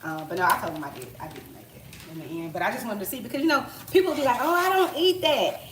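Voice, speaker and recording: A woman in her thirties talks her viewers through a dish on a home cooking stream, breezy and slangy and full of asides. Her pitch swings widely as she goes. The tablet on the counter catches a roomy, echoey kitchen with pans and utensils clattering behind her. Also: sing-song, rapid-fire, slight background noise. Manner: chatty, slangy, full of asides and rhetorical questions. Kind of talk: casual cooking live stream. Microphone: tablet propped on the counter. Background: clatter of pots, utensils and stirring.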